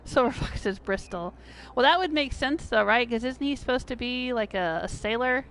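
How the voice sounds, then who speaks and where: A woman's voice: lively intonation, moderate pace, fairly bright tone, a little hiss or hum. Chatty middle-aged American woman streamer. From United States. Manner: chatty, laughs often, jumps to a high pitch when surprised. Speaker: game streamer. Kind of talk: casual livestream chat.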